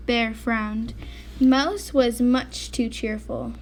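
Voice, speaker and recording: A woman reading a children's picture book aloud in a gentle storytelling manner. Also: high voice, slow pace, slight background noise. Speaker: storybook reader.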